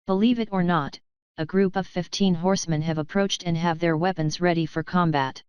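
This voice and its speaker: A woman's voice: lowish voice, steady tone, normal speed, darkish tone, clear, resonant tone, dry recording, dull audio. A woman narrating a first-person audio novel, often flustered and breathless in her inner monologue.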